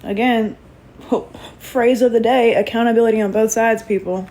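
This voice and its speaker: A woman's voice: fairly high pitch, steady tone, moderate pace, dark tone, rough recording. Chatty woman livestreaming. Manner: chatty, laughs often, talks to viewers. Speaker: livestream reaction host. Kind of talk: casual chat reacting to TV.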